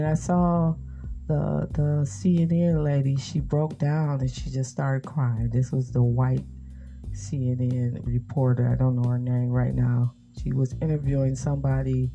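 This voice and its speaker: A woman's voice: very deep voice, gravelly, dark tone. A woman speaking in a casual political monologue, earnest and rambling, with many fillers and restarts. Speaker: commentator. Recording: muffled lo-fi recording with faint guitar music.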